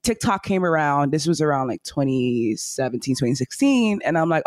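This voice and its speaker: A young woman guest in a casual interview, telling her story in a bubbly, animated way. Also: deep voice, a little fast, hardly any pauses, no room sound, clean studio sound. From from a Nigerian family. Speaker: guest, content creator.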